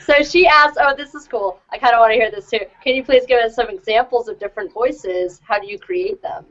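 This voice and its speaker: A woman's voice: fairly high pitch, fairly quick, fairly bright tone. A woman hosting a casual chat show over a video call, friendly and eager. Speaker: podcast host. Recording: dull lo-fi video call audio.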